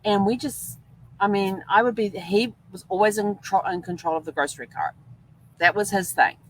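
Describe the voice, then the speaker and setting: A woman's voice: medium pitch, moderate pace, a little hiss or hum, rough recording. An older woman hosting a podcast, telling rambling stories in a chatty way and laughing often. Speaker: podcast host. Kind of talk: casual storytelling monologue.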